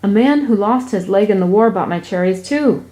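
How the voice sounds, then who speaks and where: A woman's voice: medium pitch, lively intonation, moderate pace, warm tone, natural voice, rough recording. A woman reading a picture book aloud, voicing a young village boy in a raised, earnest childlike voice. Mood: eager. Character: young village boy, eager but shy.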